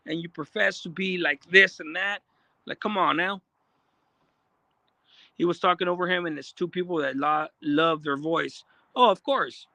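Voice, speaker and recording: A man giving casual, profane commentary, animated and repeating himself as he talks. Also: sits high, dry recording. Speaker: commentator reacting to an interview.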